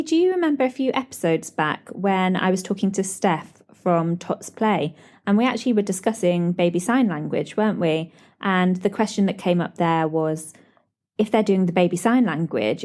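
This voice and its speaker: A woman's voice: lowish voice, darkish tone. A young British woman hosting a podcast, telling stories in a chatty way, laughing often and acting out the people she quotes. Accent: British English. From Britain. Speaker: podcast host. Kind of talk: chatty solo podcast storytelling.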